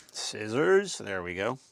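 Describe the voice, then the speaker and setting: A man's voice: fairly low pitch, sing-song, slow, gravelly, no room sound. A man giving casual, rambling commentary as he builds a scale model, chatty and self-deprecating.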